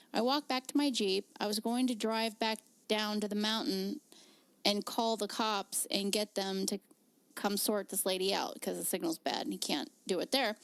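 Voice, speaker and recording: A woman's voice: medium pitch, dry recording. A woman co-hosting a casual podcast, reading a listener's story aloud with giggly asides. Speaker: podcast co-host.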